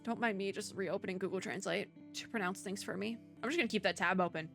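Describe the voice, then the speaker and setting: A woman's voice: medium pitch, quick pace, gravelly, a bit bright. A young woman from the US Midwest giving casual, rambling gameplay commentary, filling her sentences with "like.". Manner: chatty, rambling, heavy use of "like". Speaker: VTuber let's player. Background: faint game music.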